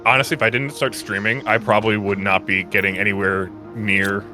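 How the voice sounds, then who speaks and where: A man chatting casually with fellow streamers, relaxed and reflective, often dropping low. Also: a little fast, over music. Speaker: streamer guest. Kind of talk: casual chat while gaming.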